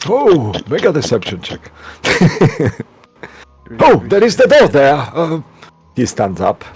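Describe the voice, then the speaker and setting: A man's voice: a little high, wildly swooping pitch, takes it slowly, a little mellow, slightly rough, no room sound, faint music behind. A man narrating a tabletop game, hesitant and full of fillers and restarts.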